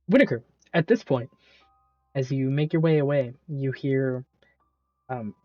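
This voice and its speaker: Gm guy narrating, relaxed and halting, dull dry audio, faint music. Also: mid-range voice, dry recording. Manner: relaxed, hesitant with fillers. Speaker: game master. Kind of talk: narrating a tabletop game.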